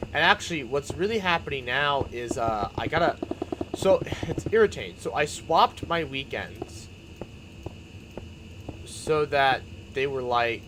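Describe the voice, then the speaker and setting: Excitable rambling young man streaming. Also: on the high side, noisy background. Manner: rambling, excitable, laughs often and restarts sentences. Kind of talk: casual chat while building in a game stream.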